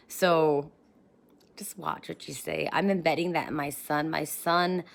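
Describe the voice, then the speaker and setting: A woman in her thirties speaks into a handheld phone as a vlogger, giving a casual, encouraging motivational talk to camera. Her voice is low and unhurried, with fairly even intonation and vocal fry. She comes across as bubbly and chatty, drifting into rambling asides.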